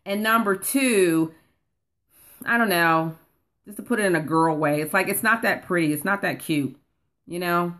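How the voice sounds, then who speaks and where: A woman's voice: fairly low pitch, normal speed, pauses often, a bit bright. A woman coaching viewers on a casual live stream, chatting and reading comments aloud, calling people honey. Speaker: online course coach.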